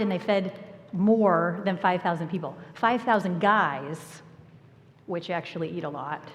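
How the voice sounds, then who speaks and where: A woman preaching a sermon, telling the story with lively acted-out lines and sudden hushed asides. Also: mid-range voice. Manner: animated storytelling, acting out voices and dropping to a whisper. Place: church sanctuary. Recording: long church hall reverb.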